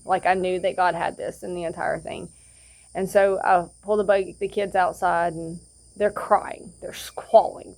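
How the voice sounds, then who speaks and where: A woman sharing a personal testimony outdoors, rambling through her story with frequent fillers and restarts. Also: mid-range voice. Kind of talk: casual spoken testimony. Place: outdoor campsite.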